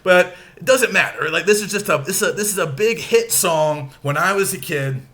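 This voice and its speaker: A man teaching a recorded lecture, explaining slowly and stressing syllables aloud to show the rhythm. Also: sits high, expressive, pushed and bright.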